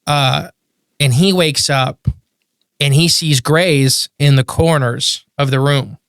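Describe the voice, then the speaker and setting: A man in a casual podcast chat, telling a story with animated bursts of disbelief. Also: a little high, takes it slowly, smooth, no room sound, clean studio sound.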